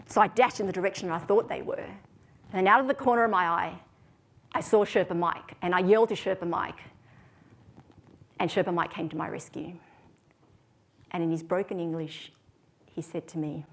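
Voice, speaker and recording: Woman giving a measured storytelling talk. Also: lowish voice. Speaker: speaker. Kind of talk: prepared talk to an audience.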